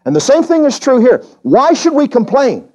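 A man preaching an evening sermon in church, emphatic and questioning the congregation, often climbing high in pitch to stress a point. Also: wildly swooping pitch, moderate pace, mellow. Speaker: pastor. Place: church during a service.

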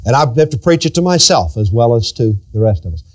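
A man's voice: medium pitch, lively intonation, a little mellow. A male pastor preaching a sermon, stretching out key phrases and acting out everyday sayings. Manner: drawn-out emphatic preaching, acting out everyday quotes.

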